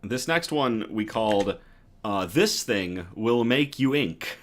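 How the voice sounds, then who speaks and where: A man hosting a news livestream, reading stories aloud and chatting with viewers between them in a lively, self-correcting way. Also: lowish voice, takes it slowly. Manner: lively, reads chat comments aloud and self-corrects with a laugh. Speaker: news show host.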